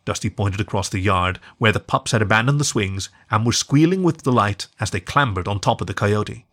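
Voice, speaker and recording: A man reading a storybook aloud as the storyteller, in an expressive, measured way. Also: fairly low pitch. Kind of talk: scripted narration.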